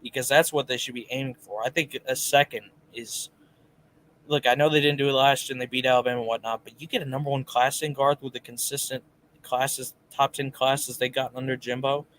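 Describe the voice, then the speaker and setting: Man, casual sports talk co-host, chatty, mid pitch, faint hiss behind. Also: flat delivery, brisk, fairly bright tone. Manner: chatty, reads viewer comments aloud. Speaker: podcast co-host.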